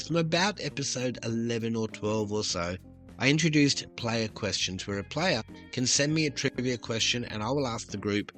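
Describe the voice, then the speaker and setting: A man's voice: medium pitch, a bit bright. An Australian man hosting a trivia podcast, chatty and upbeat as he reads out quiz questions.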